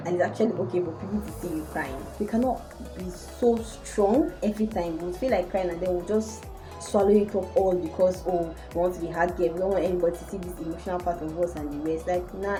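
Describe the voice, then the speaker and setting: A woman's voice: lowish voice, rough recording. A young woman telling a personal story casually to her viewers. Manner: animated storytelling. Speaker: vlogger.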